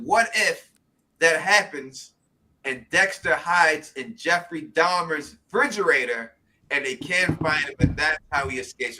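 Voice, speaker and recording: A man with a New York accent, chatting loosely and animatedly about a show as host. His voice is bright and forceful. He chuckles often as he rambles on. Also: on the high side. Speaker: podcast host. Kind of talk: casual TV recap chat.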